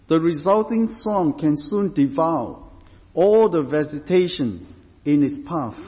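A man preaching a sermon as pastor, deliberate and emphatic, stressing points through repetition. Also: fairly high pitch. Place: church. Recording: reverberant hall, dull lo-fi sound.

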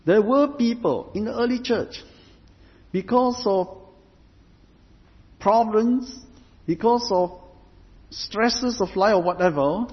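A man preaching a sermon in a slow, measured way, often repeating phrases as he builds a point. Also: high-pitched. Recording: dull sound with long hall reverb.

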